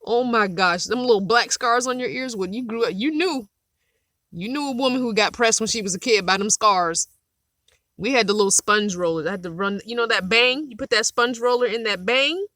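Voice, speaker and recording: A woman's voice: on the high side, normal speed, no echo, clean studio sound. A middle-aged woman, chatting casually on a live stream and telling stories between bursts of laughter. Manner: animated storytelling with frequent laughter. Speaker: vlogger hosting a live chat. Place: inside her van.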